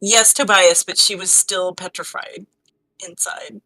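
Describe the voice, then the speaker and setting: A woman's voice: medium pitch, fairly even intonation, a little slow, pushed and bright, no echo. A woman playing in a tabletop game, chatting casually and giggling as she describes what her character does. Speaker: player. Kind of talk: casual tabletop role-play chat.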